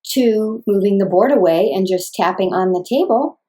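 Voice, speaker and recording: Calm woman speech therapist explaining. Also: mid-range voice, moderate pace. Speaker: speech-language pathologist. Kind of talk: scripted instruction for parents.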